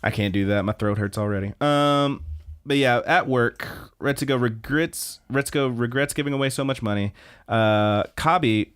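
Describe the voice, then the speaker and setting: A young man co-hosting a podcast, recapping anime episodes in a rambling, animated way and acting out character lines. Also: medium pitch, moderate pace, clean tone. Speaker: podcast co-host. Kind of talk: casual anime recap chat.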